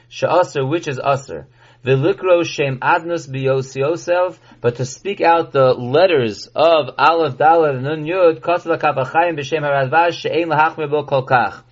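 A man with a somewhat high voice teaches a Torah class. He reads lines of Hebrew text and explains each one in English. The recording sounds dull and lo-fi. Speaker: rabbi teaching halacha.

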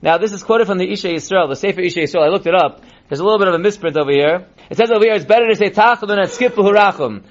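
A man teaching a text-based class as a rabbi, reading passages slowly and then explaining them in a plain tone. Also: high voice. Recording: dull lo-fi recording.

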